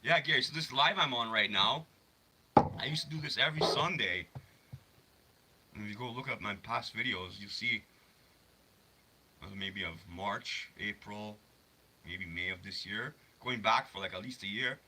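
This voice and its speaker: A man chats loosely on a phone livestream, rambling and swearing as he reads and replies to comments. His voice is very bright and sharp, with a faint noise underneath. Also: lowish voice, normal speed, long pauses. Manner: rambling, swears freely, reads and answers chat. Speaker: livestream host. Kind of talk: casual livestream chat.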